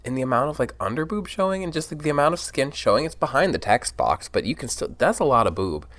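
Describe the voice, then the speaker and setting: A man's voice: mid-range voice, very animated, fast talker, a bit bright, no echo. A drunk man casually rambling and giggling through a let's play, reading the game's lines aloud.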